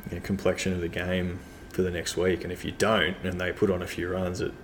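A deep, monotone man speaks in a relaxed, rambling way, full of "you know" and "um". He sounds like a club cricketer chatting in an interview. Faint background noise sits under the voice. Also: fairly quick. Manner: relaxed, rambling with many fillers. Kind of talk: casual interview chat.

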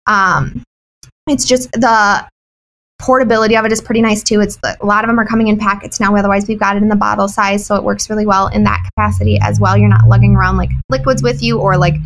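Fast-talking candid woman in an interview. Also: mid-range voice, creaky, a little hiss or hum, rough recording. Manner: animated, candid, chatty with frequent "like" fillers. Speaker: wellness business owner, guest. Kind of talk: casual interview chat.

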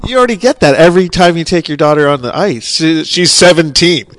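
Higher-pitched man in quick banter. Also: fairly bright tone. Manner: quick, joking interjections. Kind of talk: casual banter.

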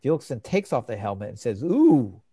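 A man's voice: on the low side, lively intonation, fast, mellow, slightly rough, no room sound, studio quality. A man hosting a podcast in casual chat, informatively retelling scenes and reading quotes aloud. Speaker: podcast host.

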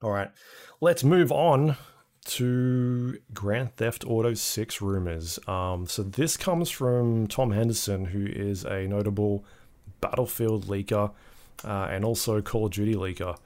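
A man co-hosting a podcast, chatting casually about game news with a relaxed, hesitant delivery and plenty of ums. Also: fairly low pitch, unhurried. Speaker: podcast co-host. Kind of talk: casual gaming news chat.

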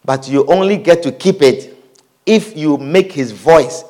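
A man's voice: fairly high pitch, a little slow, mellow. A man preaching a sermon, reading scripture aloud, repeating phrases and asking the congregation questions.

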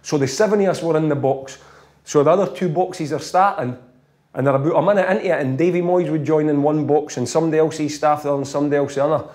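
Chatty Scottish former footballer, quick laughs. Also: male voice, fairly high pitch. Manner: animated, laughs often while telling stories. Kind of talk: casual storytelling chat.

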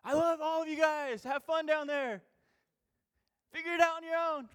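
A man putting on the voice of a carefree God shouting down from above in a breezy, offhand way. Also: very high voice, fairly even intonation, moderate pace, pitched above the performer's own voice.

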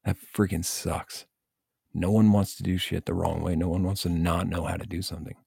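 Man, very low gravelly voice, husky, blunt and profane, casual coaching rant. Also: normal speed, no room sound, clean studio sound. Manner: blunt, profane, animated venting.

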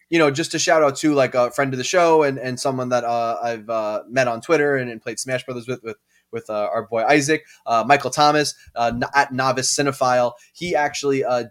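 A man co-hosting a podcast in relaxed conversation. His voice sits in the middle range, and he rambles, often stopping to restart his sentences. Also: medium pitch. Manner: rambling, hesitant with many fillers and restarts. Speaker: podcast co-host. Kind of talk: casual chat.

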